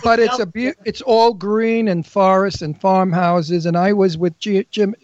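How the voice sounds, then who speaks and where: Flamboyant high-voiced male radio host. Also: steady tone, measured pace, no room sound, highs cut off. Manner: flamboyant, bawdy, giggly storyteller. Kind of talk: casual radio chat.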